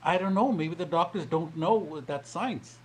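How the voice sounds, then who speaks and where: A man calling into an online discussion, joking in a deadpan way. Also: a little high, unhurried. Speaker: caller joining a live stream. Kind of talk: casual chat.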